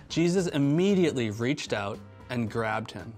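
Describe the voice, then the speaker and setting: A man's voice: medium pitch, lively intonation, normal speed, few pauses, darkish tone, soft background music. A man teaching a casual Bible lesson for teens as a youth pastor, chatty, with filler words.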